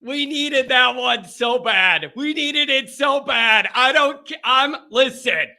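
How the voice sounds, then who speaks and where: A man's voice: very high-pitched, takes it slowly, sharp tone. A man hosting a postgame call-in show, talking emotionally and repeating himself. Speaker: fan show host.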